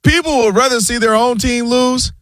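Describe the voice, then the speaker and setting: A man co-hosting sports talk radio, telling stories and quoting friends in animated voices. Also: extremely high pitch, moderate pace, dry recording, clean studio sound. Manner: lively storytelling, quotes friends in animated voices.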